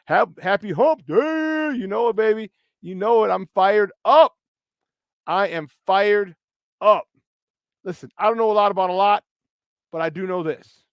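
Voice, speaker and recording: Male sports talk host with a Chicago accent, high voice, bouncy slang-heavy delivery, dry close sound. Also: clean tone, dry recording. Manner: energetic, playful shout-outs, slangy. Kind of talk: hyped morning sports talk.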